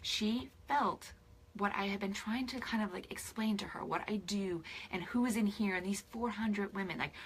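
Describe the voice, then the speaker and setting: A woman in her forties, a spiritual life coach, chatting on camera to her followers, teary and emotional, often dropping into soft whispers. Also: mid-range voice, normal speed, a little hiss or hum. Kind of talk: casual direct-to-camera chat with followers.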